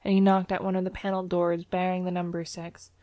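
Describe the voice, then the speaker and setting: A woman narrating a classic story in a measured, even way. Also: lowish voice, no room sound. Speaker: audiobook narrator. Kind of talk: scripted narration.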